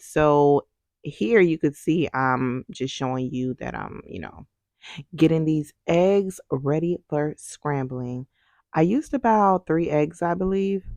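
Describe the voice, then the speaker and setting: A woman's voice: deep voice, darkish tone, no echo. A woman vlogger narrating her day in a chatty, sassy voice-over, talking straight to her viewers. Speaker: lifestyle vlogger.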